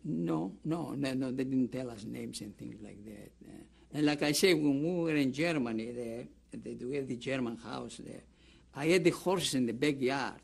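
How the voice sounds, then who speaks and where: Older man, greek accent, gravelly, husky, rambling oral history storytelling. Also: mid-range voice, moderate pace. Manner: rambling storytelling with many restarts, acts out quoted dialogue. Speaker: interviewee, camp survivor.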